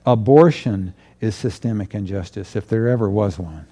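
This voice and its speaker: Mellow-voiced pastor preaching. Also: male voice, fairly low pitch. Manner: earnest, measured preaching with emphatic declarations. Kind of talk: sermon. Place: church pulpit.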